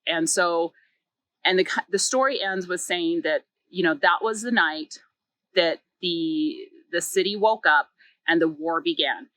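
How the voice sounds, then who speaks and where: A woman's voice: fairly low pitch, a little slow, pushed and bright, no echo, poor audio. A woman reviewing a book, retelling its plot in a chatty way with many filler words and small acted quotes. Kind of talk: casual story recap.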